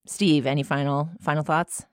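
A woman's voice: sits low, steady tone, normal speed, no echo, studio quality. An American woman co-hosting a podcast, chatting casually with frequent restarts. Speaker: podcast co-host. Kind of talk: casual chat.

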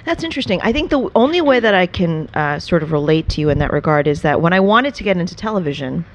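Lower-voiced woman hosting an interview. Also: animated, fast. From US suburbs. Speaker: interview host. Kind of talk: casual conversational interview.

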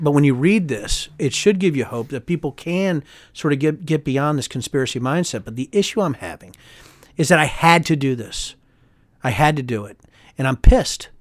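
A man, a former congressman, speaking as a guest in a candid political interview, fast and emphatic, often heated, tagging his points with "right?". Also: on the high side, no room sound. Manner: fast, emphatic and heated, many tag questions.

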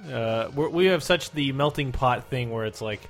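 A man's voice: mid-range voice, normal speed, faint music behind. A man in casual chat who hedges and corrects himself as he talks. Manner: hedging, self-correcting.

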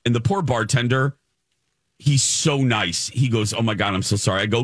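A man's voice: medium pitch, fairly even intonation, brisk, a bit bright, dry recording, clean studio sound. A man in his forties, a radio co-host, telling a personal story in casual chat and acting out the quotes. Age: 40s.

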